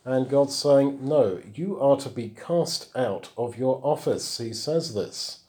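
A man's voice: medium pitch, takes it slowly, darkish tone. A man, teaching the Bible verse by verse, reading passages aloud and then explaining them. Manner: explanatory, reads scripture aloud then comments.

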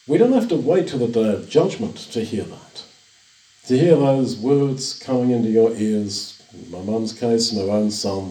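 Older man, sermon, earnest and reassuring, lively rise and fall, distant echoey room. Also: lowish voice, a little slow. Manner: earnest, reassuring, repeats phrases. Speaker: preacher.

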